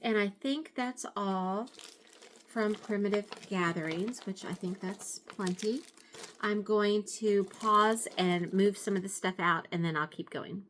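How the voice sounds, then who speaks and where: A woman's voice: mid-range voice, measured pace, fairly bright tone, a little hiss or hum. A middle-aged woman chatting casually at home as she shows off her craft supplies, rambling a little and correcting herself as she goes. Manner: chatty and rambling, with frequent fillers and self-corrections. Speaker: craft vlogger. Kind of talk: casual show-and-tell chat.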